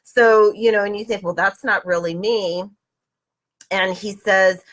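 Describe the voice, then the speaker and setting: A woman's voice: medium pitch, a little slow, a bit bright. A woman from Southern California hosting a casual book club reading and guided meditation. She speaks in a conversational, upbeat way and keeps checking in with her listeners. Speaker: host.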